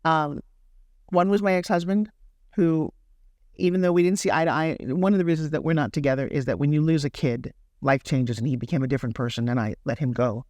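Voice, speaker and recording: A woman guest in an interview, telling a story with animated energy and acting out the other people's lines in lively voices. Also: sits low, a little fast, no echo. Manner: acts out quoted dialogue in lively voices. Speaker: guest entrepreneur.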